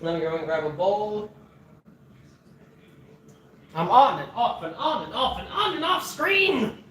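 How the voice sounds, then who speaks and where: A man's voice: high voice, sing-song, unhurried, a bit bright, recorded from a distance. A man talks his viewers through a recipe in a loose, joking way, laughing often and swearing freely. He stands some way from the mic in an echoey home kitchen, with a faint hum of background noise. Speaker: cooking streamer. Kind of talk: casual cooking livestream chat.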